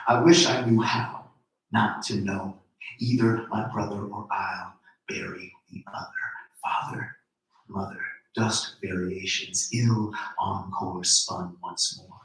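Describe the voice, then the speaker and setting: A man giving a slow, deliberate, rhythmic live poetry reading. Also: on the low side, fairly even intonation. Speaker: poet reading his work. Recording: very echoey room, voice from far off.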